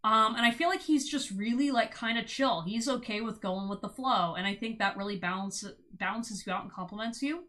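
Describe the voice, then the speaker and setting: A young woman streaming a casual tarot reading, bubbly and giggly, with sudden loud exclamations and lots of "like". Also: a little high, a little fast, few pauses.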